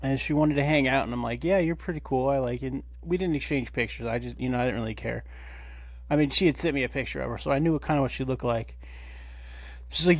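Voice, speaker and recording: A man in his thirties, a podcast co-host, telling a story in a casual, animated way, swearing and acting out quotes. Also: medium pitch, fast, no room sound. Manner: animated, profane, acts out quotes.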